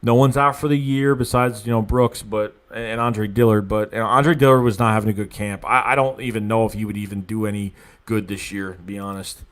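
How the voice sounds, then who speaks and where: A young man from the Philadelphia area hosting a casual livestream, reading fan comments aloud and reacting with excitable, rambling talk, often restarting his sentences and groaning at himself. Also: fairly low pitch, a little fast.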